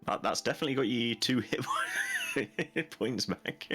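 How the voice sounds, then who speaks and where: A man's voice: medium pitch, normal speed, a bit bright, soft background music. A man playing a tabletop game, thinking aloud in a hesitant, casual way. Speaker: player.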